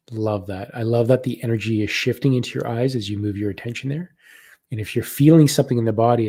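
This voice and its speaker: Soft-spoken husky man guiding meditation. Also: medium pitch. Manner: slow, soft-spoken, reads viewer comments aloud. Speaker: spiritual practice host. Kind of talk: live guided meditation session.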